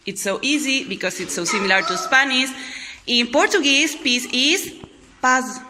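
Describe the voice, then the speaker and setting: A woman teacher leading a class slowly and clearly, praising and prompting the group to repeat after her. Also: high voice, animated. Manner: slow, clear, encouraging. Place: school hall or classroom. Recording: echoey room with faint noise.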